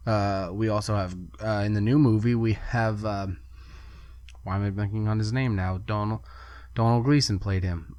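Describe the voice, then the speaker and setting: A man's voice: on the low side, no room sound. Rambling, chuckling man hosting a podcast. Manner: rambling, chuckling, many fillers. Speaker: podcast host. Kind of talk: casual solo podcast monologue.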